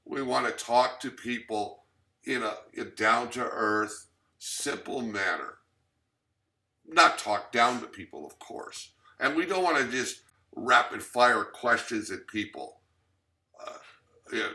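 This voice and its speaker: A man's voice: medium pitch, pushed and bright. A man giving a recorded training lecture as instructor, teaching plainly with fillers and restarts.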